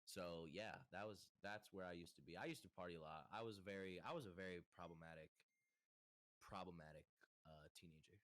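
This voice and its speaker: A man's voice: low voice, fairly even intonation, a little fast, a bit bright. A young man hosting a podcast in casual chat, rambling and restarting his sentences as he goes. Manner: rambling, stop-start with many restarts. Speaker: podcast host.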